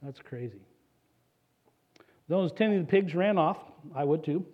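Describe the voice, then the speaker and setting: Man, pastor, preaching a sermon, animated with casual asides, fairly high voice, dull lo-fi recording. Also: unhurried.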